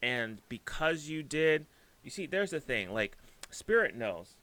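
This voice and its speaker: A man's voice: fairly high pitch, sing-song, a little slow, bright, forceful tone. A man giving a casual tarot reading in an effusive, gushing way, often rambling and searching for words as he goes. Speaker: tarot reader.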